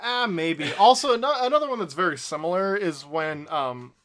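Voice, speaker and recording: A man's voice: high voice, normal speed. A man co-hosting a film podcast, chatting casually and laughing often while he retells scenes. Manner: animated and giggly, laughing through his retellings. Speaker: podcast co-host.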